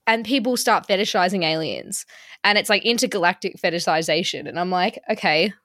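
A woman's voice: lowish voice, fairly bright tone, no room sound, clean studio sound. Chatty young woman hosting a podcast. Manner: chatty, joking, quick riffs. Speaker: podcast host asking questions. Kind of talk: casual chat. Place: London.

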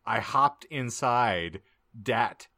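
A man hosting a comedy podcast, reading a story aloud in a mock-dramatic way and pausing to joke with his co-hosts. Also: medium pitch, dry recording, studio quality. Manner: lively, mock-dramatic narration. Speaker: podcast host.

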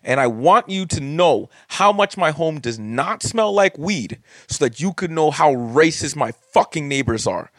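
A man's voice: on the high side, lively intonation, unhurried, few pauses, dry recording, clean studio sound. A man, a comedian hosting his own podcast, telling a story as a profane, heated rant whose voice climbs when he gets worked up. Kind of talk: profane ranting monologue.

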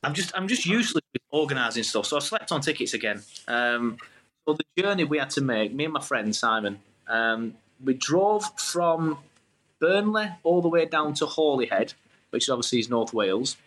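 A man at an ordinary mid pitch. He chats as a podcast guest, telling animated, rambling stories and often breaking off mid-sentence. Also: moderate pace. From England. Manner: animated, rambling, self-interrupting. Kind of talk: casual storytelling chat.

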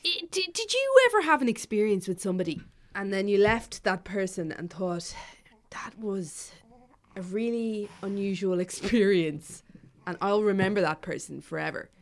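A woman hosting a podcast, chatting casually with quick, animated reactions and frequent swearing. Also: mid-range voice. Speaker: podcast host. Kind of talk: casual chat, storytelling.

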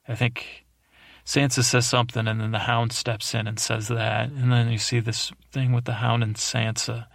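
A man's voice: medium pitch, little pitch movement, moderate pace, creaky, fairly bright tone, no room sound, studio quality. A man hosting a sleep podcast, rambling and meandering through an episode recap with drowsy, self-deprecating asides. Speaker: podcast host.

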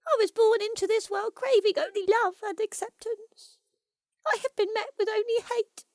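A woman's voice: very high-pitched, fairly even intonation, moderate pace, darkish tone, dry recording, studio quality. A woman voicing a solemn, melancholy male ugly duckling who speaks in grave, old-fashioned words. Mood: mournful.

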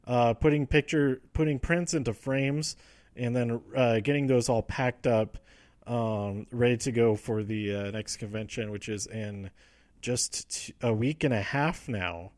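A man's voice: medium pitch, a little mellow, no room sound. Rambling man, dry close sound. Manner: rambling, frequent fillers and restarts, quotes wrestlers in quick asides. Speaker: podcast host recapping wrestling. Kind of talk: casual rambling recap.

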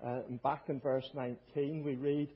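A man's voice: medium pitch, level tone, normal speed, breathy edge. A man preaching a sermon in an earnest, emphatic way, with small hesitations as he works through a Bible passage. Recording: dull lo-fi podcast recording.

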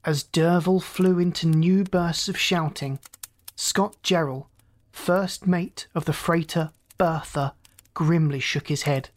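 A host narrating an old science fiction story as a calm, inviting storyteller, in a scripted audiobook reading. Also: mid-range voice, slow.

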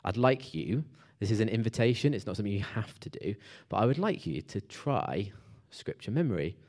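Guy preaching, pretty low voice, chatty, lots of ums and restarts. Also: big pitch swings, brisk, a little mellow. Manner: conversational, with fillers and restarts. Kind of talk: sermon.

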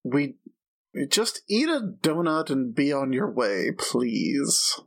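A man running a tabletop game as game master, narrating with many pauses and fillers. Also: mid-range voice, very animated, vocal fry. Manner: hesitant, filler-heavy narration.

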